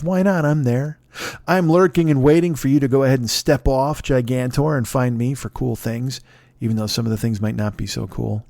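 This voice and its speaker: A tired man in his forties hosts a solo comedy podcast, rambling through a plug segment of shout-outs while yawning, swearing and mocking himself. His medium-pitched voice sounds sleepy, recorded with clean studio sound and no echo.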